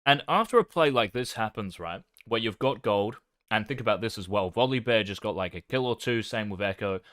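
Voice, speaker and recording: A man talks through his own gameplay in a casual coaching tone, tossing in swear words and jokes at his own expense. His voice sits on the lower side, recorded close and dry with no room sound. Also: animated, a little fast, fairly bright tone, dry recording. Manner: swears casually, self-deprecating. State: talking with his mouth full.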